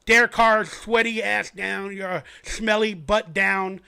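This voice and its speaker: A man's voice: sits high, fairly even intonation, slow pace, creaky, sharp tone, clean tone, heavily acted. A man playing a sneering rival fan. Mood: mocking. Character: taunting, mocking male rival football fan.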